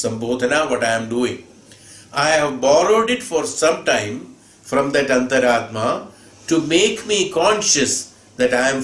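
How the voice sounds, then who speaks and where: A man's voice: fairly high pitch, a bit bright. A man giving a spiritual discourse, explaining patiently and posing rhetorical questions. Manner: explanatory, rhetorical questions, acts out quoted speakers. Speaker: spiritual teacher. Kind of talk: discourse on scripture. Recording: echoey room with faint ambient noise.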